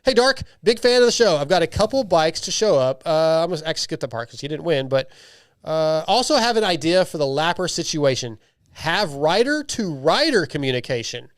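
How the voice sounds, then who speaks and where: A man with a slightly high, smooth voice hosts a podcast, reading out listener emails and joking as he goes. He talks loosely, with frequent restarts and asides, and the recording is close and dry. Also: very animated, fairly quick, no room sound. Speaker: podcast host.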